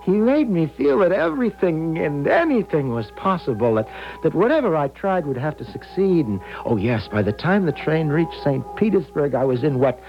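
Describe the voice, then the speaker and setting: A man's voice: fairly high pitch, big pitch swings, normal speed, lo-fi sound, soft background music. An actor playing a timid, nervous young man who stammers and hesitates, in old-time radio acting. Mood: wistful.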